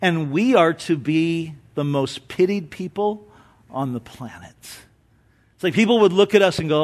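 High-voiced male pastor preaching dynamically. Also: moderate pace. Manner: dynamic preaching, swinging between emphatic and hushed; storytelling with humor. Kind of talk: Easter sermon.

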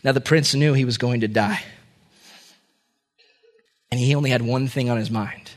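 A man's voice: mid-range voice, normal speed. A man preaching a sermon, telling a dramatic parable. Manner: dramatic storytelling. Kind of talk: sermon storytelling.

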